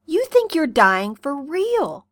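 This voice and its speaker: Woman reading as a cheery young guy, bright, casual, lively pitch, dry sound. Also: slow pace, no room sound, heavily acted. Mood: earnest. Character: cheerful, easygoing young man. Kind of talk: fan fiction reading.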